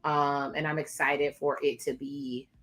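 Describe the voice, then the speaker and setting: A woman's voice: deep voice, flat delivery, unhurried, a bit bright. A woman hosting a casual reaction video, chatty and sassy, talking straight to her viewers. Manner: chatty, sassy asides to viewers, frequent laughs.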